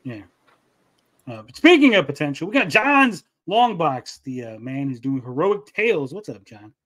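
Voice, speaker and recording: A man's voice: on the high side, sing-song, normal speed, a bit bright. A man hosting a live stream, talking casually in a laid-back, chatty way. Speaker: host.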